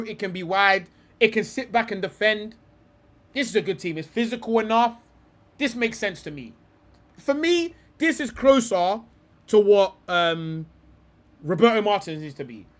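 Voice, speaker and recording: A young man with a high voice hosts a live stream, musing out loud about a football line-up. His talk is loose and full of swearing. He drifts between bursts of excitement and half-heard mutters. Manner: swears a lot, thinks aloud, trails off into mutters. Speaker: streamer host.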